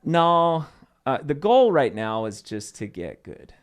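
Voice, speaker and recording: A man's voice: mid-range voice, slow pace. A young man from Arizona, a guest comedian, telling stories in a casual podcast chat with loose fillers. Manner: animated storytelling with loose fillers.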